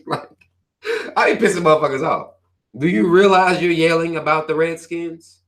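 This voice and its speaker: A man's voice: fairly high pitch, normal speed, a bit bright. A man hosting a livestream, reading viewer comments aloud and ranting at them in a profane, preachy way, firing questions at his listeners. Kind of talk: livestream rant.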